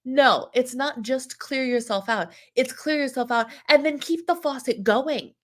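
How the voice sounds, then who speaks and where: A woman's voice: on the high side, lively intonation, moderate pace, hardly any pauses. A woman, hosting a casual wellness livestream, a little nasal and congested from a cold, chatting with viewers by name. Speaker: wellness coach and livestream host.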